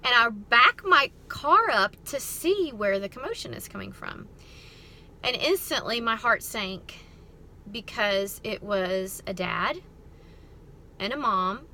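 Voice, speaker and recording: A middle-aged woman, hosting a ministry talk and telling a story in a chatty, expressive way. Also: fairly high pitch, slow, a little hiss or hum. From American South. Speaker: ministry host. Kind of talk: casual storytelling talk to camera.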